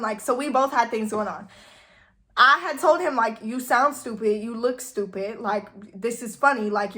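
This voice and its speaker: A woman's voice: medium pitch, a bit bright. A young woman telling a casual storytime, chatty and full of "like,". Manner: chatty, heavy use of "like". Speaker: vlogger.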